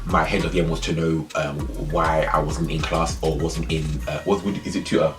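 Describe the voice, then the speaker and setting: Deep-voiced man telling a story. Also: moderate pace, music in the background. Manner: animated, emphatic, repeats phrases for effect. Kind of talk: casual storytime monologue.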